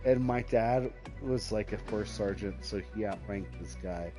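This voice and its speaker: A man's voice: on the low side, measured pace. A drunk man streaming a game and rambling through a long story. He swears freely and fills it with "like". Faint music plays behind him. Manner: rambling, lots of "like", profane. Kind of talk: casual storytelling while gaming.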